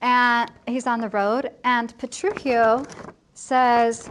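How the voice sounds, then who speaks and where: A woman teacher gives her class a chatty, joking plot summary. Her voice sits fairly high and she talks slowly, dropping into quick character voices. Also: flat delivery, a bit bright. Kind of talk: casual plot summary for students.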